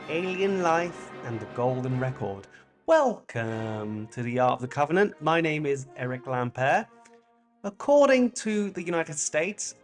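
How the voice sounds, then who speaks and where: A French-born man with a British accent hosting a comic monologue, animated and jokey with sudden pitch jumps. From France. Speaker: comedian host.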